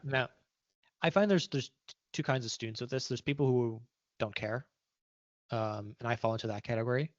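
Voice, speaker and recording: A man's voice: mid-range voice, moderate pace, long pauses, no room sound. A chatty man, dry and muffled. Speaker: guest. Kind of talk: casual interview talk.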